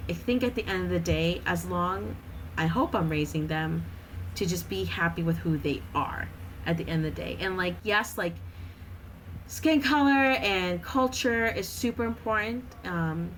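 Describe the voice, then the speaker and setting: A woman's voice: fairly low pitch, a bit bright, a little hiss or hum, low-quality recording. A woman in her thirties, a podcast guest chatting casually with lots of fillers and frequent laughter.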